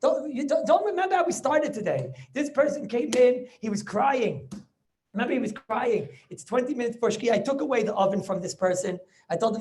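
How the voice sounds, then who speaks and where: Fast-talking rabbi teaching over a video call. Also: male voice, very high-pitched, lively intonation, a little mellow, a little hiss or hum. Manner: keeps checking listeners with quick questions; repeats words and restarts as he goes. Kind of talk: Talmud lecture.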